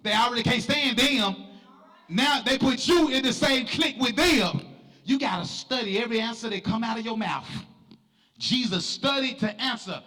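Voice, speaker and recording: A middle-aged man, preaching an emphatic sermon as pastor and often shouting in a preaching cadence. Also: very high voice, moderate pace. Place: church sanctuary. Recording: long church reverb with faint music.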